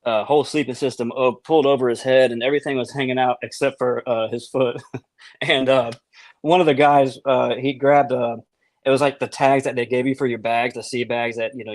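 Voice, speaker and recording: A man's voice: mid-range voice, flat delivery, brisk, dry recording. Rambling man telling barracks stories. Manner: rambling with many restarts and laughs. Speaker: podcast co-host. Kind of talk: casual storytelling chat.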